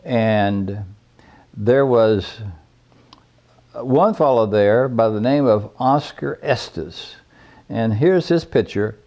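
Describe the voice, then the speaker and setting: A man's voice: mid-range voice, drawn-out words, pauses often, darkish tone, muffled recording. An older man telling personal stories in a folksy, plainspoken, rambling way. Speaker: veteran caver recounting his history. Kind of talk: personal storytelling.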